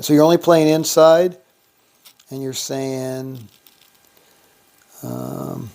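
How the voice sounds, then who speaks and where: A man hosting a casual livestream, counting out money and reading viewer comments aloud in a relaxed, thinking-aloud way. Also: medium pitch, unhurried, vocal fry. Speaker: livestream host. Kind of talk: casual live-stream chat.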